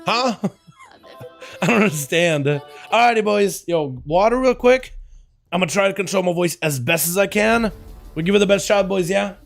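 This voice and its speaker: Hoarse man streaming a game. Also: high-pitched, normal speed, soft background music. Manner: friendly, addresses chat as boys. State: hoarse, scratchy voice. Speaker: streamer and match caster. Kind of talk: live game stream with play-by-play commentary.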